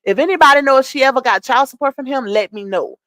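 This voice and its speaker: A woman streams casual commentary, pressing her viewers with emphatic rhetorical questions. Her voice sits a touch high. The sound is dry and close, with no room in it. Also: fast, a bit bright, no echo.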